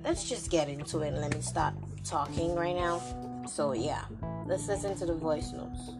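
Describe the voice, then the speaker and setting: A woman with a Ghanaian accent hosts her podcast in a chatty, bubbly way, tossing in playful asides. Her low voice moves at a moderate pace, with music playing behind her.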